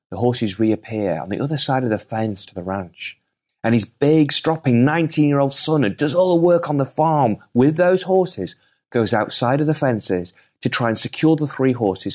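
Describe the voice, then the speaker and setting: A man hosting a podcast, giving an earnest, energetic motivational talk with storytelling. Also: mid-range voice. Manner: earnest, energetic, with some restarts. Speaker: podcast host.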